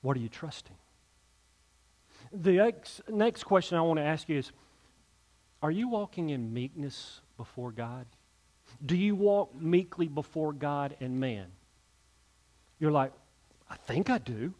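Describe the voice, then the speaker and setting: A man's voice: fairly high pitch, animated, unhurried, pauses often, a little mellow. A male pastor, preaching a sermon and leading an invitation, earnest and emphatic, often repeating words as he builds.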